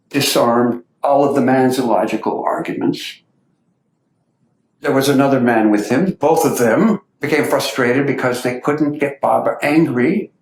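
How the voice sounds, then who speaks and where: A man giving a lecture to an audience, telling anecdotes and acting out the quotes. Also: mid-range voice. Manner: lively anecdotal storytelling with acted quotes. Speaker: speaker giving a talk. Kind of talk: storytelling lecture. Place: meeting hall. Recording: echoey hall.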